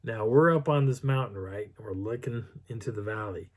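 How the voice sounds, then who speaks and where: A middle-aged man telling a story on his video channel in a casual, animated way, acting out what people said. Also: normal speed. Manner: animated, acts out quotes with pitch jumps and whispers. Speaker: vlogger.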